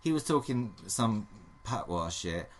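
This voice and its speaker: Very deep-voiced sweary woman. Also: sing-song, unhurried, slight background noise. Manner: dry, sweary, sarcastic. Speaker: podcast co-host. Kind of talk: casual chat.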